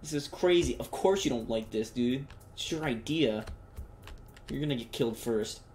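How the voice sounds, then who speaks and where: A young man doing joking let's play commentary, reacting loudly and talking in slang. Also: mid-range voice, normal speed, a little hiss or hum. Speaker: gamer.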